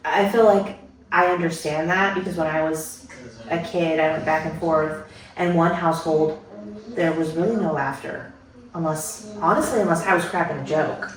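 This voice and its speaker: Co-host, woman, reflective storyteller, slightly low voice, heard from a distance with heavy room echo. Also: steady tone, normal speed. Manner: reflective, tells personal stories. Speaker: podcast co-host. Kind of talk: casual chat. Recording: echoey room, far from the mic.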